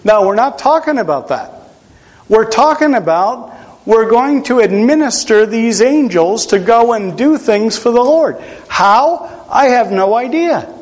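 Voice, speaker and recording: A man's voice: very high-pitched, lively intonation, unhurried, low-quality recording. A man from Pennsylvania preaching a sermon in a conversational way, with self-deprecating humor.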